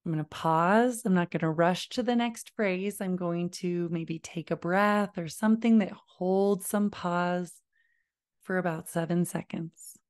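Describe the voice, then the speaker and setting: A woman giving a parenting lesson, talking in a calm, deliberate way and modeling slow, low phrases. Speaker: parenting educator. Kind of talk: instructional talk to camera.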